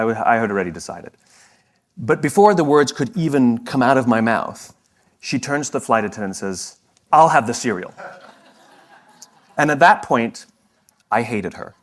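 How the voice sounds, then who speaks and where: A man giving a motivational talk on stage, telling a story with sweeping pitch swings and self-deprecating humor that he often laughs at. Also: fairly bright tone. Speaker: speaker.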